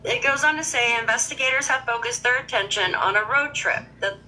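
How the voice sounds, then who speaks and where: A woman hosts a casual true-crime livestream with a bright, tense edge to her voice. She greets viewers one by one and reads news passages aloud, stopping to add her own remarks. A faint hiss sits under her talk. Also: a little high, fairly quick, rough recording. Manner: chatty, greets viewers by name, comments between read passages.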